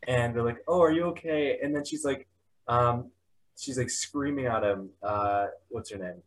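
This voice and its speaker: A young man in easy conversation, with a mid-pitched voice that turns animated as he talks. He laughs often and fills his speech with casual fillers. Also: a little slow, slight background noise, rough recording. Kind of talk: casual chat.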